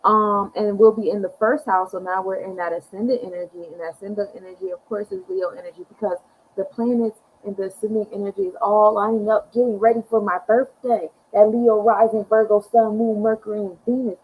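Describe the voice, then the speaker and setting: A woman's voice: medium pitch, steady tone, a little fast, phone-quality sound, slight background noise. Slangy upbeat woman hosting astrology. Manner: slangy, upbeat, laid-back. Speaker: astrology podcast host. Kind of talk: casual chat.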